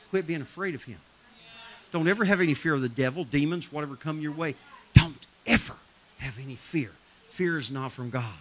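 A high-pitched man with a bright, piercing voice preaches in a church. He tells folksy stories, laughs at them, and swings between loud emphatic shouts and low, intense delivery. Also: a little hiss or hum. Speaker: traveling preacher. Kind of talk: live sermon with storytelling. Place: church sanctuary.

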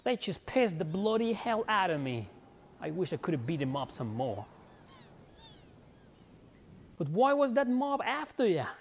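A man's voice: medium pitch, moderate pace, slight background noise, lightly acted. A man voicing a cocky teenage girl thief in a mock British accent, brash and teasing.

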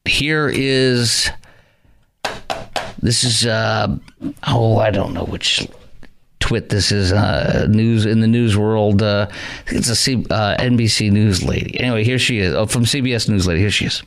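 A man's voice: lowish voice, unhurried, creaky, slight background noise. A man hosting a talk radio show, delivering a sarcastic, rambling opinion monologue with mocking asides.

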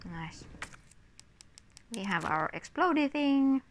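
A woman's voice: high-pitched, big pitch swings, slow, noisy background. A woman giving casual, exasperated commentary while playing a video game, talking to the enemies on screen. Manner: chatty, exasperated, talks to enemies. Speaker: gamer.

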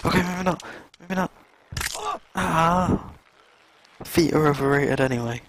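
A young man streaming a video game, reacting live with excitable exclamations and swearing at what happens on screen. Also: on the high side, a little slow, background noise. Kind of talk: live gameplay commentary.

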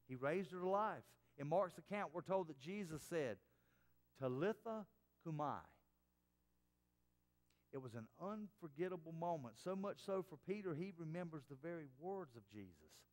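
A man preaching a sermon as pastor, dropping to soft, hushed tones for quoted words. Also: on the high side, animated, normal speed, few pauses, long reverb tail. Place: church sanctuary.

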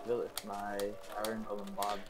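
A man chatting casually over voice chat during a game, quiet and mumbled. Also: lowish voice, completely flat delivery, moderate pace. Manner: quiet, mumbled and soft-spoken. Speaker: gaming friend on voice chat.

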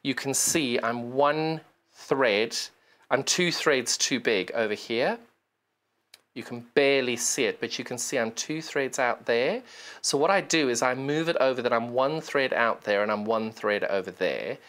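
A presenter walks viewers through a sewing demonstration on live television. The delivery is chatty and self-deprecating, explaining each step while the hands keep working, even coaxing the sewing machine along. The voice sits at a middle pitch. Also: a little slow. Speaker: shopping channel sewing presenter.

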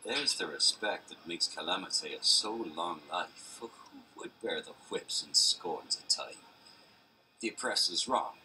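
A man playing a brooding young prince, speaking a classical soliloquy in Shakespearean original pronunciation with a West Country burr, in measured, rolling verse. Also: low voice, lively intonation, bright, forceful tone, far from the mic, slight background noise, exaggerated voice, low-quality recording. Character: brooding young prince weighing life and death.

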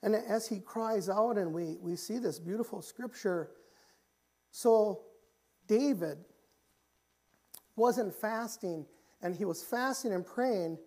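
A man preaching a church sermon, often repeating and restarting phrases and rising in pitch and volume when he reaches the pleading passages. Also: slow, long pauses. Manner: grows louder and higher when pleading passages. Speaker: pastor. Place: church sanctuary.

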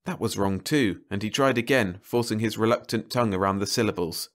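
Low-voiced male audiobook narrator. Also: brisk.

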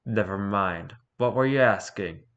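A man's voice: fairly low pitch, measured pace, fairly bright tone, dull audio. A man voicing a whiny, grumpy male devil who rules hell, talking in an irritable, put-upon way. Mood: annoyed.

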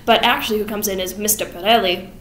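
A woman's voice: medium pitch, steady tone, fast talker, a bit bright, echoey room, a little hiss or hum, poor audio. A woman vlogger giving a casual plot summary in a chatty, irreverent way.

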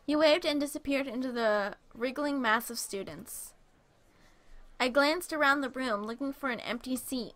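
A young woman with a high, bright voice reads a dating game aloud. She breaks off into playful asides and giggles along the way. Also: moderate pace. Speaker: let's play host reading a visual novel.

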